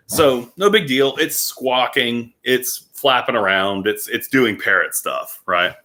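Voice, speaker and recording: A man casually telling a personal story to the camera as a vlogger, animated and full of fillers. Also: medium pitch, slow pace.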